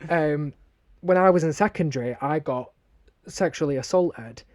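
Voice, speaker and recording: A man's voice: fairly high pitch, moderate pace. A young man with a Northern English accent, co-hosting a podcast and telling a story bluntly, with a lot of swearing. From northern England. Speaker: podcast co-host. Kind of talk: casual podcast chat.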